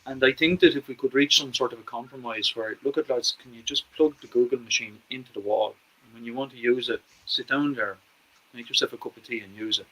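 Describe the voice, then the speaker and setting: A man's voice: medium pitch, fairly even intonation, brisk, fairly bright tone, low-quality recording. A man with an Irish accent hosting a conversational podcast interview. He talks in an earnest, persuasive way and repeats words to stress a point. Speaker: podcast host.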